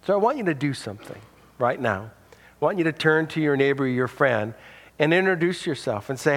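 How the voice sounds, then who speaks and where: A man's voice: on the high side, very animated, brisk, fairly bright tone. A man preaching a sermon as pastor, earnest and conversational, often repeating words as he starts a phrase. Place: church hall. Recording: reverberant hall.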